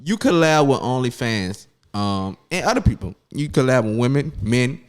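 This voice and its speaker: A man's voice: mid-range voice, animated, normal speed, clear, resonant tone. A man hosting a podcast, asking his guest questions in laid-back, teasing casual chat. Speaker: podcast host.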